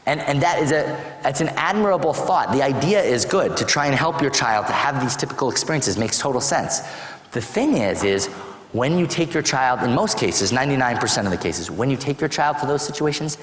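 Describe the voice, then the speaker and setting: Guy teaching parents, super animated up-and-down voice, roomy echo. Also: mid-range voice, brisk. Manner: animated storyteller acting out parent dialogues. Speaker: autism program presenter. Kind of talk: lively seminar talk. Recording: echoey hall with long reverb.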